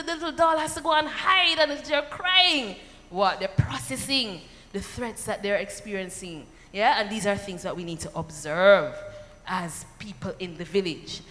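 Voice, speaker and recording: Lively Jamaican woman lecturing in a hall. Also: sits high. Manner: lively, animated, acts out quotes, rhetorical asides. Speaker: seminar speaker. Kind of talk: seminar talk to parents. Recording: long hall reverb.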